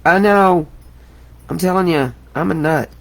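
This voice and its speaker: A middle-aged woman talks her way through a live craft demo, rambling and exclaiming as she works. Her voice has a gravelly, fry-tinged edge, and she keeps cracking herself up. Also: fairly low pitch, a little slow. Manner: chatty, exclamatory, laughs at herself. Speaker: crafting host. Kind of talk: live craft tutorial chat.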